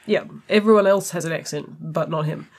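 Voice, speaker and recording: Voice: medium pitch, a little fast. A podcast co-host with a New Zealand accent, explaining points in a casual, matter-of-fact way. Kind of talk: casual discussion.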